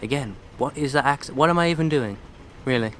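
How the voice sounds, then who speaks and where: A man's voice: medium pitch, quick pace, fairly bright tone, a little hiss or hum. A man commenting casually on a video game he is playing, with sarcastic, irreverent asides. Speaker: let's play commentator.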